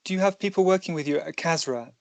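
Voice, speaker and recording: A man's voice: a little high, quick pace, gravelly, no echo. A man conducting an interview, mostly giving brief affirmations and asking questions.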